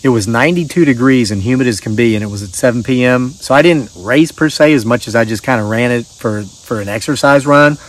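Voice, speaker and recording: A man's voice: mid-range voice, a little fast, few pauses. A middle-aged man hosting his channel, chatting casually in a rambling, folksy way and reading out viewer stories. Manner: rambling, folksy, restarts often. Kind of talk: casual chat and reading aloud.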